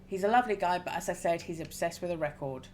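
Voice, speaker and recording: A woman's voice: fairly low pitch, fast, a little mellow, slight background noise, close to an everyday voice. A woman reading out a hearty middle-aged biker. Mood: chatty. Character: jovial middle-aged male biker shop owner.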